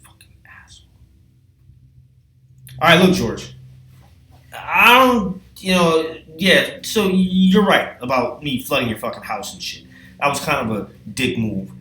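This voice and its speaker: A man telling a rambling, profane comedic story in a casual, animated way. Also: fairly high pitch, a little slow. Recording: echoey room with faint music.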